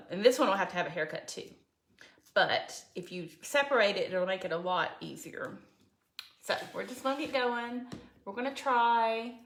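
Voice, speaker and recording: Lady doing a craft livestream, chatty w her viewers, kinda echoey room. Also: mid-range voice. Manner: chatty, talks to viewers by name, gets teary. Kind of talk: casual livestream crafting chat. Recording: echoey room with faint background noise.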